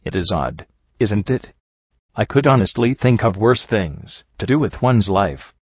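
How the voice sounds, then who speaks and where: A man voicing a gentle, wise female zebra storyteller, a mother, in a measured, formal, gently teasing way, in a fan audiobook reading. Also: on the low side, big pitch swings, husky, dry recording, full character voice. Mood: thoughtful. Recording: dry, slightly muffled lo-fi recording.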